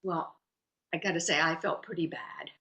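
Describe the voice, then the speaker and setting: A woman's voice: deep voice, moderate pace. A woman telling a personal story at a live storytelling event, acting out her own quoted lines with drama. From United States. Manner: animated, dramatic, acts out quotes.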